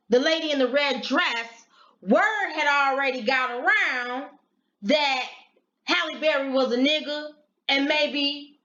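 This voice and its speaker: A middle-aged woman telling a story and giving blunt, profane advice in casual vlog talk. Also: high voice. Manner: blunt and profane, animated retelling. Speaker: vlogger giving advice to sex workers. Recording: echoey room, dull lo-fi sound.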